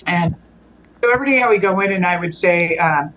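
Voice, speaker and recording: Halting woman recounting a family story. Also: fairly low pitch, fairly bright tone, poor audio. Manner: halting, with frequent restarts and trailing phrases. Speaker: guest telling a personal story. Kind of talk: conversational storytelling.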